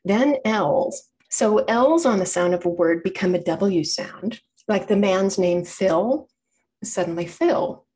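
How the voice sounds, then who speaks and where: A woman's voice: medium pitch, takes it slowly, few pauses, a little mellow. A woman giving an informal public lecture, chatty and explanatory, often correcting herself mid-sentence. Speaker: library program presenter.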